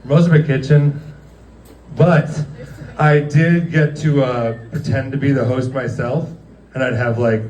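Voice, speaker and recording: A man's voice: medium pitch, steady tone, unhurried, darkish tone. A man doing a stand-up comedy set, rambling through stories with lots of fillers and acted-out quotes. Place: guerrilla comedy show venue. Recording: echoey room from far off.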